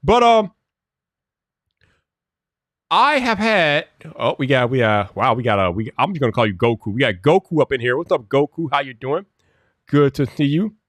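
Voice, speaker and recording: A man hosting a casual live stream, greeting viewers one by one by name, laughing often and muttering to himself as he fiddles with his software. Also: mid-range voice, sing-song, moderate pace, pauses often, dry recording.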